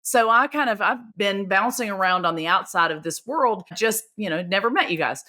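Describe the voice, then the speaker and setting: A woman hosts a casual, conversational podcast interview, speaking at medium pitch and moderate pace with an animated, sharp tone. She's chatty, tells stories with feeling, and gets emotional about her work.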